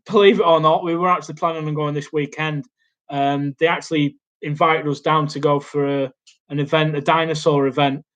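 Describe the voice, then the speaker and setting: Guy, young, fairly high voice, rambly live q&a from his little home studio, loads of ums. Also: fairly even intonation, moderate pace, a bit bright. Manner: rambling, hesitant, lots of ums and restarts. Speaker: YouTube host. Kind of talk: casual live Q&A chat. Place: small home studio indoors. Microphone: laptop mic.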